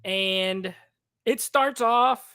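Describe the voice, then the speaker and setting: A man's voice: high voice, extremely slow, bright, forceful tone, clean tone, no room sound, studio quality. A man co-hosting a casual movie review chat over a video call, rambling and filling his talk with "like.". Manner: rambling, heavy use of "like". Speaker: podcast co-host.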